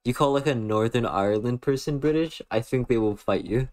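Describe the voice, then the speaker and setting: A man's voice: medium pitch, a little fast, darkish tone, soft background music. A young man with an American accent, chatting casually on a stream and answering chat in a rambling, playful way, full of fillers. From western United States.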